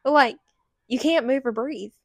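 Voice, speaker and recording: A young woman tells stories in loose, casual podcast chat, her voice sitting a little high. Her speech is peppered with "like" and quoted back-and-forth. The sound is dry and close. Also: normal speed, vocal fry, no echo. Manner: chatty storytelling, heavy use of "like". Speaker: podcast co-host.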